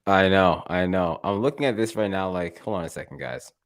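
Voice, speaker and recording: A man with a fairly low voice joins a casual livestream as a guest. He talks in an animated way as he hands out trading advice. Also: a little fast, smooth. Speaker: guest streamer. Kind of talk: casual live-stream chat.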